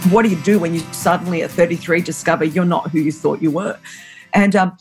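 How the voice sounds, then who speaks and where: An Australian woman in her forties, a guest telling a personal story in an interview, lively and laughing, acting out voices as she talks. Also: on the low side, fast talker, over music.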